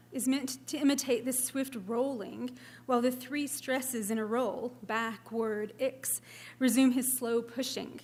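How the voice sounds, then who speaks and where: A woman giving an academic lecture as a translator, partly reading from her text, measured and careful, sometimes tapping out poetic meter aloud. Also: sits high.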